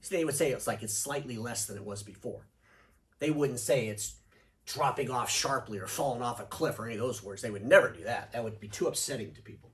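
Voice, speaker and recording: A man hosting an opinionated video commentary, sarcastic and animated, reading quotes aloud with mock emphasis. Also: medium pitch, brisk, distant mic. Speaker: show host.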